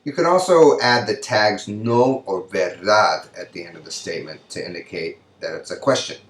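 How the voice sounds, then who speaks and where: A deep-voiced man gives a recorded Spanish lesson. He speaks slowly and carefully, and stretches out his example sentences to show the rise in pitch. The echo of the room is clear behind his voice. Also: fairly bright tone. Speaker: Spanish lecturer. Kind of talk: recorded video lecture. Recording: echoey room.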